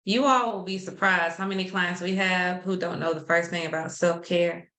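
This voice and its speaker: A woman therapist explaining relationship tools in a steady, practical way, with small restarts. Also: fairly low pitch, normal speed, roomy sound, rough recording. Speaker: therapist co-host. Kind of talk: explaining counseling tips.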